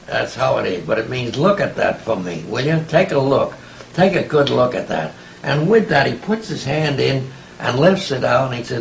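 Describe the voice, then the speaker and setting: A man in his eighties recalls old friends in a lively, rising-and-falling voice, rough with gravel. He talks reflectively, with chuckles and little asides. A faint hiss sits under the recording. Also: mid-range voice, moderate pace, low-quality recording. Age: 80s. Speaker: interviewee, writer. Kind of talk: conversational interview, storytelling.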